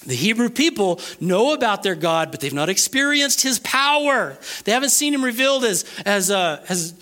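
A man preaching a sermon, emphatic, slowing right down on key phrases and dropping low for quick asides. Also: lively intonation, bright, forceful tone. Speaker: pastor.

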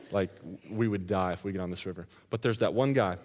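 A man preaching a sermon, telling a story with lively energy and laughing as he goes. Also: low-pitched, fairly quick, background noise. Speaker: pastor. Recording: long reverb of a large hall.

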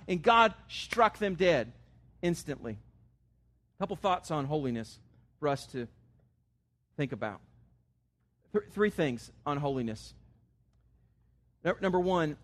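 A pastor delivers a sermon in a fairly high male voice. He talks earnestly and conversationally, with a few fillers, and pushes up in pitch and force when he stresses a key point. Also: animated, unhurried, long pauses. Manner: earnest preaching, rising emphatic on key words.

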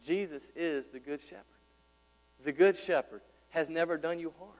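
A male pastor preaching a sermon in a church, talking conversationally and asking his congregation questions. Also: normal speed. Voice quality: deep. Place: church sanctuary. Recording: hall reverb with mains hum.

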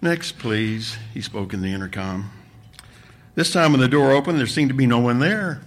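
A man, a pastor, reading a story aloud with expressive delivery during a sermon. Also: mid-range voice, fairly quick. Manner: expressive storytelling, voices the characters.

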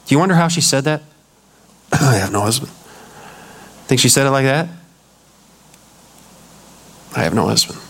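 A male pastor preaching a sermon, acting out the voices of the people he quotes. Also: a little high. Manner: dramatic, acts out quoted voices. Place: church.

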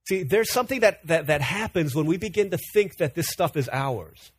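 A man's voice: on the high side, animated, moderate pace, few pauses, husky, no echo. A man in his thirties, a pastor preaching an earnest, conversational sermon full of personal stories.

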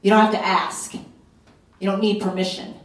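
A woman's voice: medium pitch, flat delivery, unhurried. Woman pastor, mid-range voice, urgent and insistent preaching, captured from across an echoey room. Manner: fervent, urgent preaching with emphatic repetition. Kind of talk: sermon at a retreat. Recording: roomy echo, voice from a distance.

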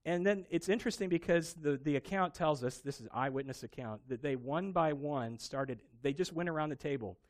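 A man preaching a sermon, telling a Bible story with animated emphasis. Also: a little high, brisk, hardly any pauses. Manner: animated storytelling, acting out quoted voices. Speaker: pastor.

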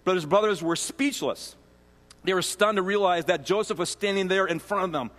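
High-voiced man preaching in a reverberant hall. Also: a little fast, fairly bright tone. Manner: conversational teaching with frequent restarts and asides. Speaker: pastor. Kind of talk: sermon. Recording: long reverb of a large hall.

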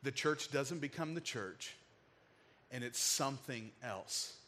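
A man's voice: mid-range voice, lively intonation, slow pace, bright, forceful tone, slight background noise. A man preaching a sermon, telling a heartfelt personal story in an emotional, casual way with frequent filler words. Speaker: pastor.

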